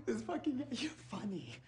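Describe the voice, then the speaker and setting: A man's voice: very high-pitched, full character voice. An actor playing a hot-headed young male thug who swears and mocks, shrieking. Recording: loud noisy film soundtrack.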